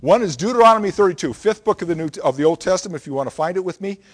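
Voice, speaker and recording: A man's voice: high voice, animated, very fast. A man preaching a Bible lesson, explaining scripture in an emphatic, teacherly way and often checking in with the listeners.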